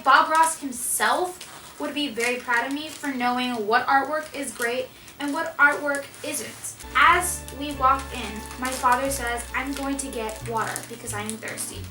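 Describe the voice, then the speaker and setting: A young woman sits far from her camera mic, vlogging casually in a high voice as she wraps gifts. Her chatter rambles, gets sidetracked, and turns self-mocking. The room at home is echoey, her voice is off-mic, and music plays behind.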